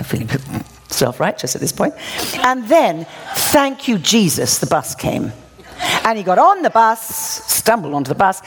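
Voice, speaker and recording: A woman's voice: fairly low pitch, husky. A woman preacher telling a funny, self-mocking story in a sermon, often laughing as she talks. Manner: lively, self-mocking, laughs through her stories.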